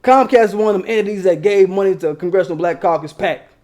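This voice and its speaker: A man with a fairly high voice hosting his own commentary channel. He talks straight to viewers in heated, slangy street talk, swearing freely as he argues his point. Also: quick pace, a little mellow. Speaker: political commentary channel host. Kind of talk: casual political commentary.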